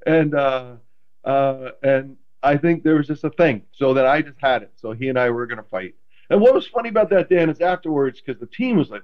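Animated man telling stories, slightly dull audio. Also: fairly high pitch, normal speed. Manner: animated, self-deprecating, many restarts. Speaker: guest, former quarterback. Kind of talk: casual interview storytelling.

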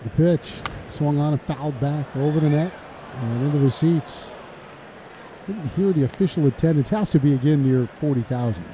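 A man's voice: a little high, moderate pace, a little hiss or hum. Man calling baseball play-by-play. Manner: chatty, laughs between calls, gets loud and excited on big plays. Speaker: play-by-play announcer.

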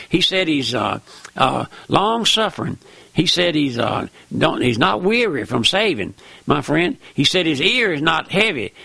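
An older man with a Southern US accent preaches a folksy radio sermon in a creaky, bright, forceful, slightly rough voice with no echo. Fervent, he keeps repeating "my friend" and his appeals to the listener, his pitch leaping high for emphasis.

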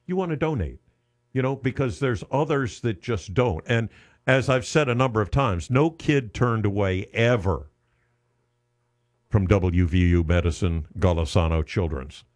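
A man's voice: lowish voice, measured pace. A man hosting a charity radiothon on the radio, talking earnestly and often restarting with repeated words. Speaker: radio host.

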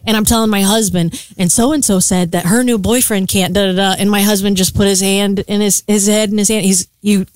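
A married female radio co-host in casual banter, telling an animated story and acting out the people in it. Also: medium pitch, fairly quick, few pauses, no room sound. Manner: animated storyteller, acts out quoted voices.

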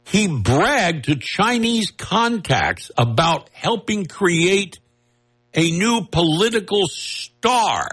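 A man's voice: sits high, very animated, slow, a bit bright, husky. A man hosting a casual political commentary monologue, mocking and wisecracking, rambling with asides and laughing at his own jokes. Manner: loose, rambling, with restarts and asides.

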